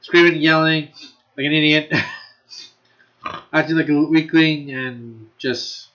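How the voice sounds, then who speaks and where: Man, anime reviewer, casual and rambling, a bit high and bright, dull lo-fi sound. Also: fairly even intonation, slow. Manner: rambling, restarts often, laughs a lot, curses. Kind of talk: casual ranking video commentary.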